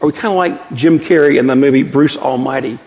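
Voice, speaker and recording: A pastor reading scripture and preaching a sermon in a folksy, conversational storytelling manner. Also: male voice, mid-range voice, brisk, a little mellow, big-room sound, low-quality recording.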